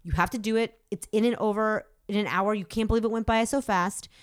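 Woman, thirties, talky actor guest, filler-heavy casual chat, mid pitch. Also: steady tone, fairly quick, clean tone, dry recording, clean studio sound. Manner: chatty, self-deprecating, many "like" fillers.

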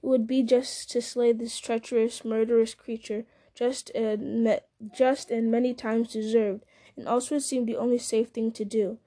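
A woman reads a story aloud at a measured pace, now and then slipping and starting a line over. Her voice sits fairly high, with a mellow, soft-edged tone. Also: flat delivery. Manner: measured, with occasional slips and restarts. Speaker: reader. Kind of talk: audiobook-style story reading.

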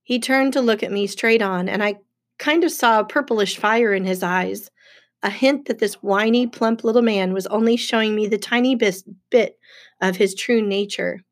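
A woman narrating a first-person novel in a steady storytelling voice. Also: mid-range voice, normal speed. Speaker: audiobook narrator.

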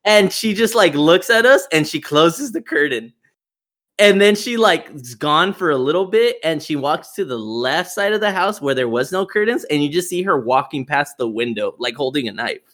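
A man casually telling a story, animated, swearing freely and acting out the people he quotes. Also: fairly high pitch, moderate pace.

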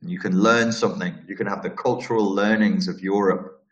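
A low-pitched man from Liverpool with a Scouse accent hosts a live Q&A stream, answering viewer questions bluntly and profanely while rambling and restarting. His intonation is fairly even and his pace a little fast, captured in roomy, dull lo-fi audio.

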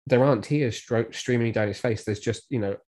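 A man appearing as a guest on a comics podcast, who talks in a relaxed, enthusiastic way and describes panels in close detail. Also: mid-range voice, fairly quick. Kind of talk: casual comics review chat.

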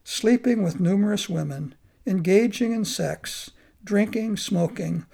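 A man narrating a memoir in a measured, reflective reading. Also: high-pitched, gravelly, mellow.

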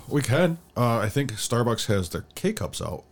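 A man's voice: mid-range voice, unhurried. A man co-hosting a casual coffee chat, joking around and acting out little voices. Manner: joking, acts out voices, animated. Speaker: podcast co-host reviewing coffee.

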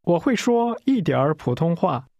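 A man modeling pronunciation for a language lesson, saying short phrases deliberately and clearly. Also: a little high, very animated, warm tone, no echo, highs cut off. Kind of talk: slow, careful model pronunciation.

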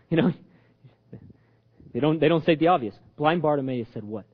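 Animated high-pitched preacher man. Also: brisk, slightly rough, muffled recording. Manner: animated, acts out quoted voices, jokes with audience. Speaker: pastor. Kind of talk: sermon.

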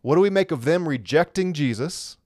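A man's voice: on the high side, lively intonation, moderate pace, a little mellow, no echo. Conversational male Bible teacher, dry sound. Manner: conversational, reads comments aloud, chuckles. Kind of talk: live-streamed Bible lesson with chat.

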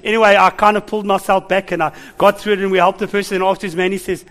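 A man preaching a sermon as pastor, animated, laughing and calling out to the congregation. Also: high-pitched, rapid-fire.

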